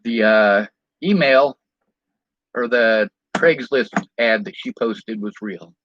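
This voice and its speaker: A man's voice: medium pitch, slow pace. Bitter man ranting on a dull, lo-fi recording. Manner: bitter, swearing, indignant. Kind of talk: angry personal vlog rant.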